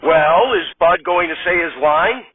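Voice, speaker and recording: A man voicing a smooth, chipper male red-carpet television host with a bright announcer delivery. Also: fairly high pitch, a little slow, no echo, voice pushed up. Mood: irritated. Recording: tinny distant phone-like sound.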